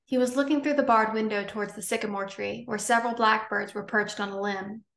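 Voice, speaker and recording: Woman reading an audiobook, gravelly, roomy. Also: medium pitch, steady tone, a bit bright. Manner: measured, unhurried reading. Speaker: audiobook narrator. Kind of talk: scripted audiobook narration. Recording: roomy echo.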